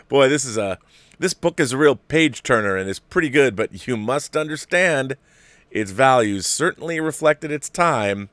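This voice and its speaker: A man's voice: medium pitch, animated, measured pace, fairly bright tone, no room sound. A man in his forties hosting a casual livestream, reading viewer letters and answering them in a rambling, self-correcting way. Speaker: host.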